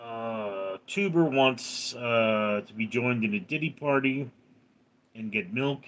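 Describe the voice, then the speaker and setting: A man's voice: medium pitch, slow. A man in his thirties live streaming, reading out viewers' names and answering them with crude, joking replies. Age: 30s. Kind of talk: casual live-stream chat.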